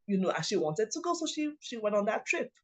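A woman, a mother of several children, telling a personal story in a halting, emotional way, often restarting her sentences. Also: mid-range voice, sing-song, slightly rough. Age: adult mother of several children. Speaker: guest sharing a personal story.

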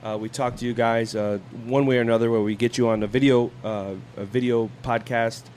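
A man's voice: medium pitch, steady tone, fairly quick, a little mellow. A man hosts a casual podcast, joking and laughing easily. His voice sits in a middle register. A faint background hum can be heard. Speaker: podcast host. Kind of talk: casual chat.

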